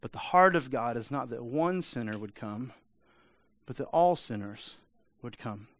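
Male pastor, conversational sermon, medium pitch, dry recording. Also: expressive, measured pace, a bit bright, no echo. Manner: conversational preaching, asks the congregation for amens.

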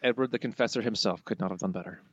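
A man co-hosting a casual podcast, relaxed and hedging in his answers. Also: fairly low pitch, rapid-fire, husky, no room sound, lo-fi sound. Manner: relaxed, hedging, easy laughs. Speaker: podcast co-host.

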